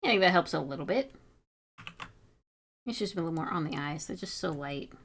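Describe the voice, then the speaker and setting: A woman's voice: sits low, expressive, brisk, a bit bright. A young woman streamer chatting casually while she draws, telling a story with chatty indignation and some swearing.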